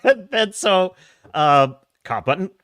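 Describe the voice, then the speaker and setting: A man's voice: high-pitched, sing-song, slow, a bit bright, no room sound. A man chatting casually on a live stream, telling stories with sarcasm, frequent laughs and restarts, and sharing strong opinions.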